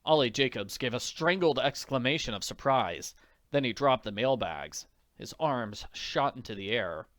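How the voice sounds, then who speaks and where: A man reading an audiobook in an expressive narrating voice. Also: medium pitch, normal speed, no room sound, studio quality. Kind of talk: scripted narration.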